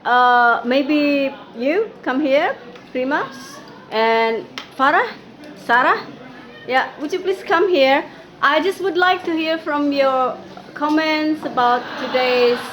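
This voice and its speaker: A high-pitched woman runs the class as lecturer. She sounds polite and inviting, and she keeps checking in with "yeah?". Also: slow, fairly bright tone, a little hiss or hum. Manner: polite, inviting, tag questions. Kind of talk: classroom hosting.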